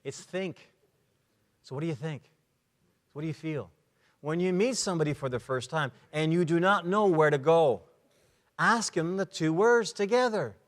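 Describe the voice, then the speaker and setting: A man giving a lively talk at a men's conference, acting out short dialogues and sound effects as he explains. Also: on the high side, normal speed, long pauses. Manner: animated, acts out little dialogues and sound effects. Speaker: conference speaker. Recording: long reverb of a large hall.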